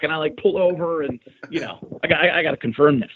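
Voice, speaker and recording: A man with a husky voice tells an excited story on a podcast, his pitch jumping high as the tale builds. He sounds tinny and narrow, as if he is on a phone line. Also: very fast. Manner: excited, animated retelling with rising pitch. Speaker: sports radio host.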